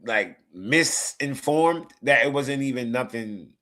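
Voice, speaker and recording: New Jersey man, stream host, loose and profane, tired, middling pitch, keeps circling back to his point. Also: animated, slow pace, a bit bright. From Newark, New Jersey, USA. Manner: loose, profane, laughs often, repeats himself. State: tired, yawning. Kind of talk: casual football watch-along chat.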